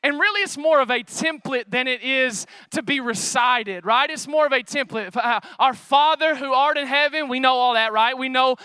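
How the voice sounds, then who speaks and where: A young male pastor preaching a casual, energetic sermon, chatty with fillers and calling out to the congregation. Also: very high-pitched, normal speed, few pauses, clear, resonant tone, no echo.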